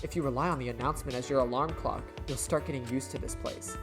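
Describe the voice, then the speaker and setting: A man's voice: fast talker, over music, close to an everyday voice. A man doing a cold curt young woman. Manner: flat, curt, low-voiced.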